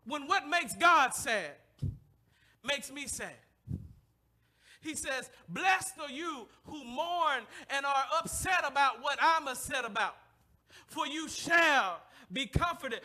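A man preaching in a very high, piercingly bright voice. He swings from fervent shouts down to hushed near-whispers and calls on the congregation to answer him during a church service. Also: expressive, unhurried. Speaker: pastor. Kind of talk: sermon. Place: church service, streamed live.

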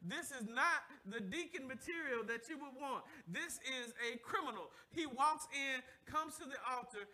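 A male pastor preaches with a strikingly high, sharp and bright voice. He works call-and-response, leaving sentences open for the congregation to finish, and slips into animated little acted-out asides. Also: moderate pace, hardly any pauses. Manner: animated, acts out voices and laughs while preaching. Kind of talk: sermon.

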